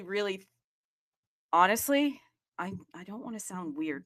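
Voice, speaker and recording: A woman's voice: medium pitch, animated, measured pace, pauses often, a bit bright, no echo, studio quality. A woman hosting a live online audio room in a sassy, playful, bubbly way, hyping up the show.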